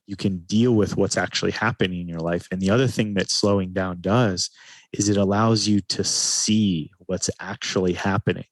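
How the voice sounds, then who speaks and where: Calm low-voiced man, slow and dry. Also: dry recording. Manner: calm, slows his speech to stress points. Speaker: podcast guest, men's retreat facilitator. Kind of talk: reflective interview talk.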